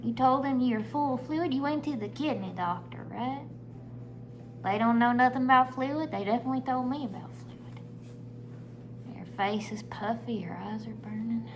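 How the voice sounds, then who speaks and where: A woman's voice: a little high, normal speed, close to an everyday voice. A woman voicing a worried, affectionate older father who fusses over his sick daughter, on a noisy recording. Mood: doting. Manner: fussing, affectionate, sentimental. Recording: noisy background.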